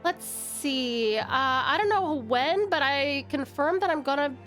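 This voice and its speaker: Bubbly high-voiced Australian woman. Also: lively intonation, unhurried, fairly bright tone. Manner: bubbly, greets viewers with sweet nicknames. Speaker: streamer. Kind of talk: casual live-stream chat. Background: faint game music.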